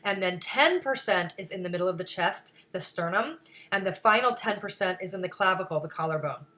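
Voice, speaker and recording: A woman on a show as a guest, teaching a breathing practice and slowly counting out the breaths in a soft voice. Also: medium pitch, expressive. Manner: slow, soft counting with long pauses. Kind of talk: guided breathing instruction.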